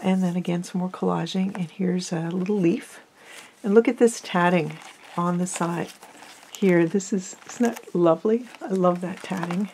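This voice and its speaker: A woman hosting a craft video, talking softly and fondly through a flip-through while losing her voice. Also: fairly low pitch, normal speed, gravelly, a little hiss or hum. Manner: soft-spoken, fond, often drops to a near whisper. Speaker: crafting channel host. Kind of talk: casual journal flip-through.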